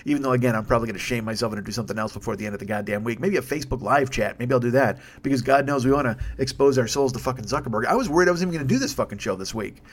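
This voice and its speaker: A man's voice: mid-range voice, rapid-fire, hardly any pauses. A man hosting his own podcast, ranting in a sarcastic, profane and rambling way into a desk microphone. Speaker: podcast host. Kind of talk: solo comedic rant.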